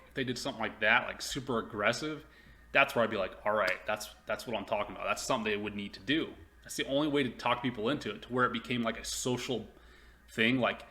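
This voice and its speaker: A man's voice: mid-range voice, pushed and bright. A man hosting a casual stock commentary video, chatty and rambling with lots of fillers and restarts. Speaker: stock investing video host.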